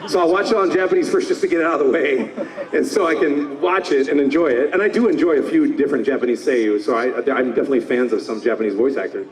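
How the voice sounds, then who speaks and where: A man's voice: fairly high pitch, recorded from a distance. Enthusiastic man in his fifties, echoey panel. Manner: enthusiastic, slips into quick character voices. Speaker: voice actor guest. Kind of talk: convention panel talk. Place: convention panel room. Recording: roomy hall, mic from afar.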